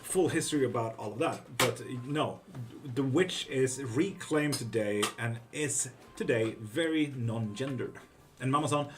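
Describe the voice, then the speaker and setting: A man's voice: mid-range voice, lively intonation, moderate pace, faint music behind. A man hosting a casual livestream tarot reading who reads viewers' questions aloud and answers them bluntly, swearing freely.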